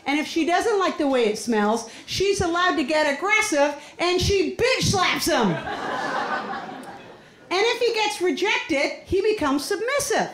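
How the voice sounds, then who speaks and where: A high-voiced Canadian woman performs a stand-up set on a comedy club stage, speaking a little slowly over background noise. She tells stories with animation and acts out characters, and the roomy club is filled with crowd laughter.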